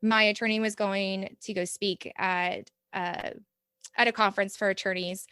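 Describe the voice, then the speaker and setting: A woman's voice: mid-range voice, fairly even intonation, moderate pace, pushed and bright, clear, resonant tone, dry recording. Earnest woman, dry close sound. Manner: earnest, reflective, laughs often. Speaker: podcast guest, parent mentor. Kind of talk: conversational interview.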